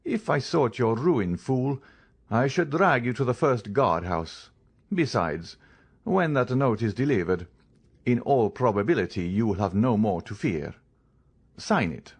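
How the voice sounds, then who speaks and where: A man reading an audiobook, voicing a stern, contemptuous count disguised as a priest who speaks in measured, cold commands. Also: mid-range voice, expressive, slightly rough.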